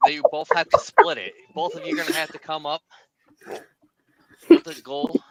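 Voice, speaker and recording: A teasing guest on a group stream, egging the others on in a voice that leaps all over and rasps with fry. A crowd murmurs loudly behind them. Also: mid-range voice, very animated, moderate pace, rough recording. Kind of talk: casual group chat.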